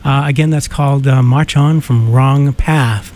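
A man hosting a morning radio show, chatting casually and back-announcing songs with many halting "uh"s. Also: medium pitch, fairly even intonation, a little mellow, a little hiss or hum. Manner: easygoing, filler-heavy, halting back-announcing. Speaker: radio host.

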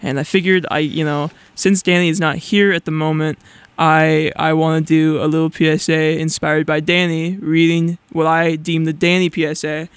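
Young male student DJ, nervous and rambly, smooth voice, dry studio mic. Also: on the high side, little pitch movement, normal speed, no room sound. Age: young adult. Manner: rambling, many filler words. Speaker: college radio DJ. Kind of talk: casual on-air chat.

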